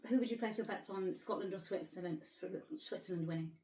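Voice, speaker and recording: A woman's voice: lowish voice, a little fast, roomy sound. A woman from England chatting casually as host, asking curious questions and laughing often. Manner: giggly, curious, animated questions. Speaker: actress and host. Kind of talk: casual chat.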